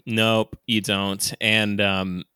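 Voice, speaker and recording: A man's voice: lowish voice, flat delivery, very slow, sharp tone, smooth, no echo, studio quality. A man co-hosting a podcast in casual chat, laughing often and talking loosely with lots of fillers. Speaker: podcast co-host.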